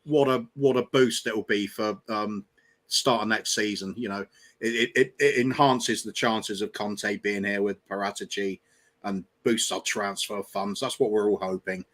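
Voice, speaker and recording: Low-voiced eager man on a fan panel. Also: steady tone, moderate pace, fairly bright tone. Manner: eager, stumbles and restarts words. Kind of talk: casual livestream chat.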